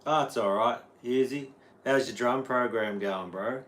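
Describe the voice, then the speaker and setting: A man's voice: medium pitch, unhurried, fairly bright tone. An Australian man, a guitar teacher, rambling casually on a livestream and answering viewers' chat. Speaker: guitar teacher streaming live.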